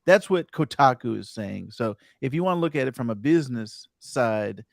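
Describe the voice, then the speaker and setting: A man's voice: mid-range voice, normal speed, gravelly, dry recording, clean studio sound. A man hosting a casual gaming podcast, reading out news items and asking his co-hosts for their views. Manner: animated, reads news items aloud. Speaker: podcast host.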